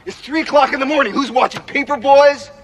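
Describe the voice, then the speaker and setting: A man's voice: very high voice, a little fast, noisy background. An actor playing a proud, bitter musician scolding his brother in a film scene, with a cutting, contemptuous manner.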